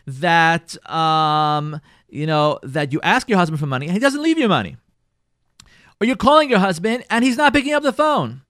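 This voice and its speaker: Captured in a dry, studio-quality recording, a middle-aged man with a high-pitched voice leads a Torah class about marriage as a rabbi. He is animated, playing out everyday scenarios and repeating phrases to drive points home.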